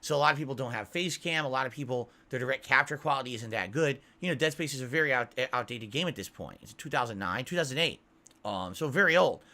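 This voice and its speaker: A man's voice: medium pitch, fast talker, bright, forceful tone. A man ranting in a monologue as a YouTuber, exasperated, repeating himself and swearing.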